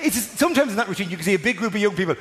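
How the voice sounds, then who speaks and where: A man with an Irish accent performing a stand-up routine on a theatre stage, rambling quickly and acting out little scenes. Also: high-pitched, expressive, a bit bright. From Ireland. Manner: rapid rambling delivery with acted-out bits. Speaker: stand-up comedian. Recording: live theatre with noise.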